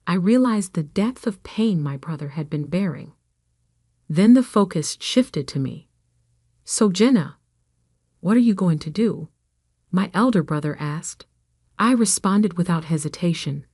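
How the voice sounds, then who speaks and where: Low-voiced woman narrating a story. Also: darkish tone, dry recording, studio quality. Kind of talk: scripted first-person story narration.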